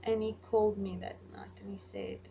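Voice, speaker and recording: A young woman vlogger casually recounting personal memories, rambling and getting animated when she retells conversations. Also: mid-range voice, normal speed. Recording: voice a little far from the mic, faint background noise.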